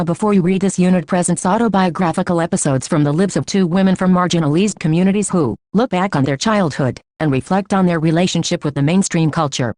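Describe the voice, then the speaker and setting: Low-voiced woman reading a textbook. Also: quick pace, few pauses, darkish tone, dry recording. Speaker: audiobook reader. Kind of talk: reading a school textbook aloud.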